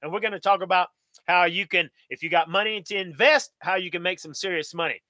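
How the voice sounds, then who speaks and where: A man's voice: sits high, fairly quick, pushed and bright, no echo. A middle-aged American man, hosting a live Q&A stream in a folksy, upbeat way, talking straight to his viewers. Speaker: channel host.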